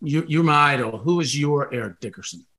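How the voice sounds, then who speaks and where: Excited male podcast co-host. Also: on the high side, brisk, husky. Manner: excited, laughing fan. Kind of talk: casual interview.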